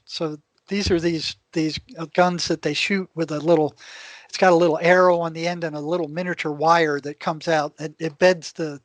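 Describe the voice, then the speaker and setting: High-voiced older man telling a story. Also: little pitch movement, fairly quick, dry recording. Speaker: guest. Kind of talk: casual storytelling.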